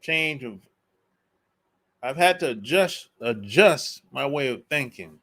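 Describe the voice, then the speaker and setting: A man's voice: medium pitch, expressive, slow, bright, forceful tone. A man hosting a dating channel, giving a casual, blunt, slangy opinion monologue and repeating his points.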